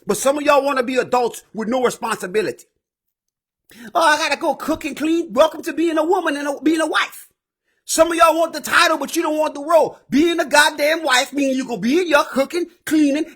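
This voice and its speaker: A man hosting his own show, delivering a profane, animated advice rant that bursts into shouting. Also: very high voice, slightly rough. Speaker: show host. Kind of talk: ranting advice monologue.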